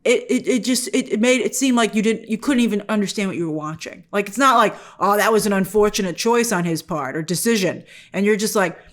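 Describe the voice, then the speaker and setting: A woman hosting an online show, giving a casual spoken review with animated, exasperated energy and asking the viewers questions. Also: medium pitch, fairly quick, few pauses. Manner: animated and exasperated, often mock-quoting characters; talks directly to the viewers with questions.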